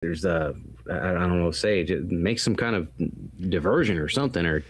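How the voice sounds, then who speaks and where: A podcast co-host casually recaps a film in a movie review chat, rambling with lots of fillers and acting out quoted lines. His voice is low and a little fast, with a little hiss or hum.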